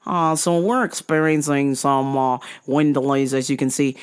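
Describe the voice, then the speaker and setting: Woman putting on a calm Australian male pilot, halting cabin announcement, slightly low voice. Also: clear, resonant tone. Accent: Australian, put on.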